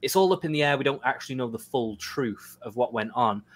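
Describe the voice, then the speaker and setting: Measured man explaining at length. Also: medium pitch, lively intonation. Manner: measured, explanatory, uses "like" often. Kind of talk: casual chat on a live stream.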